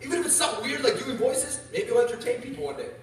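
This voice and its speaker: A man's voice: very high-pitched, expressive, rapid-fire, faint music behind. A man telling funny stories to an audience as a motivational speaker, playful and laughing often. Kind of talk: storytelling talk to an audience. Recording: echoey hall from far off, noisy.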